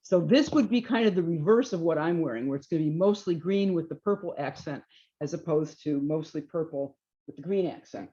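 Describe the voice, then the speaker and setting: A woman presenting knitting yarns and jackets to a small audience in a relaxed, chatty way, often trailing off with fillers and restarts. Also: deep voice, fairly quick, highs cut off. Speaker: yarn shop presenter. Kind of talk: informal trunk show presentation.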